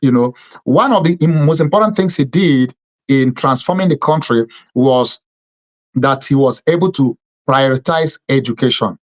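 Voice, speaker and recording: A man's voice: mid-range voice, normal speed, muffled recording. A man hosting a televised political commentary monologue, speaking emphatically and repeating phrases in lists, with frequent fillers. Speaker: TV program host.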